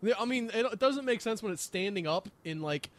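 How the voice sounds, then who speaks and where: A man's voice: sits high, animated, brisk, fairly bright tone. A man co-hosting a podcast in casual chat, enthusiastic and rambling with lots of fillers. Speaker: podcast co-host.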